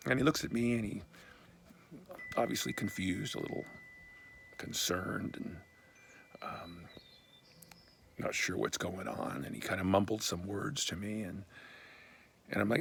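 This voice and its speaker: A man telling a personal story in an earnest, candid and heartfelt way, often dropping to a hushed half-whisper. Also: low voice, fairly even intonation, normal speed, creaky, pauses often, a little hiss or hum.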